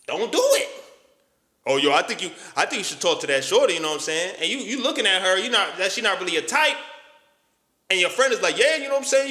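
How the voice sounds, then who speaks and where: A man's voice: sits high, sharp tone, reverberant. A man giving a casual motivational talk in street slang, emphatic and profane. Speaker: motivational YouTuber.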